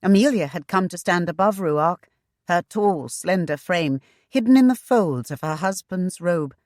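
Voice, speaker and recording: Audiobook narrator: woman, low-pitched, very slow, dry close recording. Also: animated, a little mellow, no echo. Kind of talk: scripted narration.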